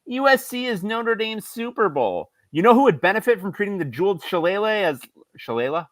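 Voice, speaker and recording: A man's voice: high voice, sing-song, a little fast, a bit bright, dry recording, voice pushed up. Man putting on a whiny ranting sports fan. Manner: whiny, exasperated rant.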